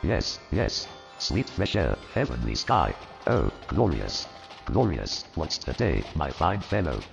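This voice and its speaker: A man playing an old miserly man turned joyful and repentant, with a gravelly voice and a theatrical, animated delivery in an audio drama. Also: slow, heavily acted. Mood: elated. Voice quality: gravelly, very deep. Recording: reverberant, dull lo-fi, faint music.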